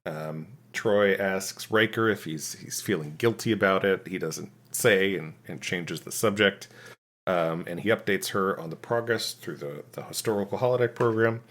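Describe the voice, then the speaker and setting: A man co-hosting a podcast, recapping a TV episode in a rambling, casual way with many pauses and restarts. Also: deep voice, a bit bright. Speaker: podcast co-host.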